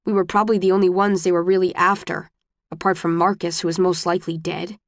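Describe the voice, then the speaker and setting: A woman narrator voices a terse young man in this audiobook, blunt and sharp-edged as he raises his voice. The recording is dry, with no room sound. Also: lowish voice, flat delivery, fast talker, dry recording, natural voice. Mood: curt. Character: terse, tense young man fleeing danger.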